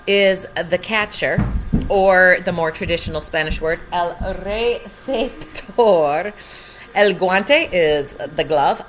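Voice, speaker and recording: A woman's voice: fairly low pitch, fairly bright tone, a little hiss or hum. A woman teaching a Spanish lesson from home, patiently explaining each word in English. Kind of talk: recorded language lesson.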